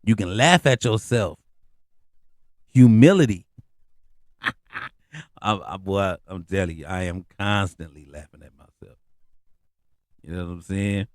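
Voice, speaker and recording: An unhurried middle-aged man, pausing often, hosts a podcast recorded in studio quality without echo. He relays funny stories in a casual, slang-heavy style, lively, with his pitch rising on asides and leaping at punchlines.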